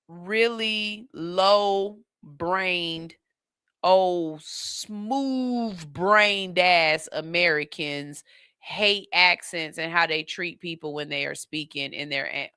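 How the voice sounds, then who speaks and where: A woman talks on a radio show in a bright, forceful voice. The sound is dry and close. She chats casually, playful and animated, then turns firm and reasoned. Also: low voice, unhurried, smooth, dry recording. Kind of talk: casual opinion talk.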